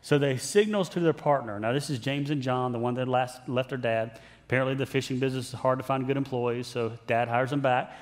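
A man's voice: mid-range voice, steady tone, a little fast. A man preaching a sermon as pastor, telling the story conversationally, repeating phrases for emphasis and acting out the characters' lines. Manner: conversational storytelling with playful put-on voices.

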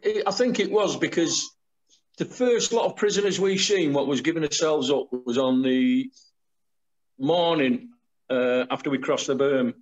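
Over a video call, a middle-aged army veteran tells war stories in plain, dialect-tinged speech with dialect grammar. His voice is fairly high and unhurried, and the audio has its highs cut off.

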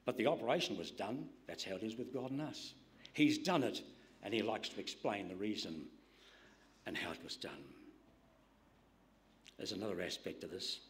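A man preaching a sermon in an emphatic style, dropping to hushed whispers to stress a point. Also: on the low side, animated, normal speed, pauses often.

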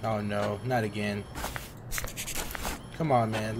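A young man casually commenting while he plays a horror game, excitable and talking to the screen in slang, often swearing. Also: fairly low pitch, slow pace, creaky, pauses often, noisy background. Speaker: gaming streamer.

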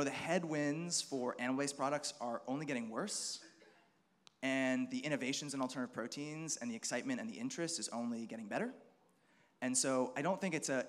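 Panelist: man, mid-pitched, measured and analytical, conference stage.

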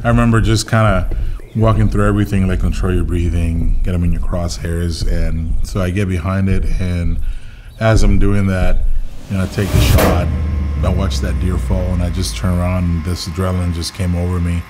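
A man's voice: deep voice, little pitch movement, moderate pace, noisy background. A young man casually telling a personal story in a documentary, full of filler words and acted-out quotes. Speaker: interviewee telling his story. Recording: music playing underneath.

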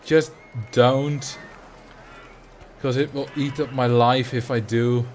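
A man's voice: medium pitch, flat delivery, moderate pace, a little mellow, slight background noise. A young man from the Netherlands with a Dutch accent, chatting loosely on a livestream and answering his chat as he plays. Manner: rambling, reads chat aloud and answers. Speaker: streamer.

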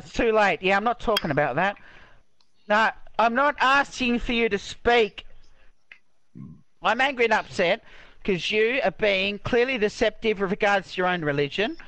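A man's voice: high voice, bright, forceful tone, dry recording. A man ranting angrily and swearing heavily in game voice chat, repeating himself over a headset. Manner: angry, ranting, repetitive, heavy swearing. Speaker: online game player.

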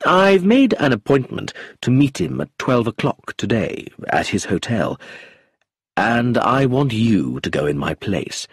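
A man voicing a fond, anxious middle-aged husband who talks in an earnest, gentle way in a storybook reading. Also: medium pitch, sing-song, a little slow, creaky, husky, no room sound, studio quality, full character voice.

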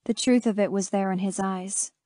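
A woman reading an audiobook as scripted first-person narration, in a measured, steady manner on a close studio mic. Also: medium pitch, dry recording.

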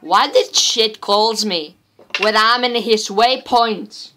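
Slow rambling woman gamer commentator. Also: fairly high pitch, pushed and bright. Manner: rambling, repetitive, chatty. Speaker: gameplay commentator. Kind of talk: casual let's-play commentary.

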